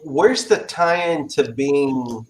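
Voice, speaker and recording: A man's voice: on the high side, lively intonation, very slow. Deliver dry, teasing asides as a man co-hosting a podcast, with the voice sounding roomy. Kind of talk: casual podcast chat.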